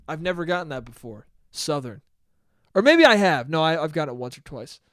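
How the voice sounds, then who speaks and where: A man from New York talks through a solo podcast, rambling, cursing freely and poking fun at himself. His voice sits a bit high for a man and sounds smooth and clear. The recording is close and dry. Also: very animated, a little fast, fairly bright tone, dry recording. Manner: rambling, profane, self-mocking. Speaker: podcast host. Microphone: podcast mic.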